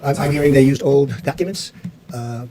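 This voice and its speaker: A man's voice: medium pitch, normal speed, noisy background. A man, the president, answering reporters at a press briefing in a combative, repetitive way.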